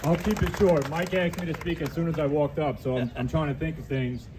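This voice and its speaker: A man's voice: on the high side, fairly even intonation, brisk, very noisy. A man speaking to a crowd at an outdoor rally, emotional and earnest, restarting his sentences.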